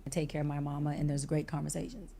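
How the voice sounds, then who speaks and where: Fast, low-voiced woman in her fifties. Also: little pitch movement, creaky, mellow, a little hiss or hum. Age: 50s. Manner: frank, blunt, swears. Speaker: interview guest. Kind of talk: casual talk.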